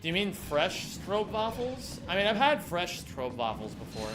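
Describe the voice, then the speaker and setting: A man's voice: sits high, very animated, moderate pace. A young man streaming a speedrun, chatting casually and joking with a rambling, giggly manner. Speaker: game streamer. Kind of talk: casual chat while speedrunning a game. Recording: game music behind.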